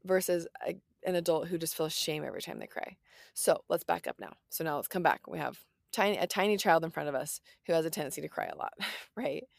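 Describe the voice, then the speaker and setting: Casting: low-pitched woman in her thirties, gravelly fry, earnest reassuring parenting talk, dry close sound. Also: brisk, no echo. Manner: earnest, reassuring, lots of "like" and "right?". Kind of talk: casual parenting advice talk.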